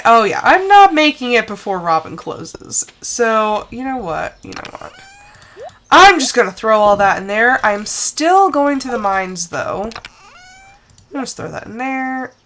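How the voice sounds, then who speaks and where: Expressive woman streamer muttering through gameplay. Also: fairly high pitch, unhurried, a little hiss or hum. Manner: exasperated, talks to herself, self-soothing. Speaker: streamer playing a farming game. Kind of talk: live game commentary.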